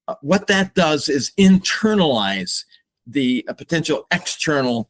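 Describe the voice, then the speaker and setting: An older man, a psychologist guest on a podcast, speaking slowly and reflectively with open emotion. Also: fairly high pitch, very animated. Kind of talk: podcast interview.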